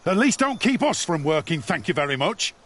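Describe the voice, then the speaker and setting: A man's voice: on the high side, sing-song, brisk. An actor playing a grumpy, hard-working male builder in a game, who nags and bickers. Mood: grumbling. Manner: nagging, bickering, prone to shouting. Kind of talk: game voice acting.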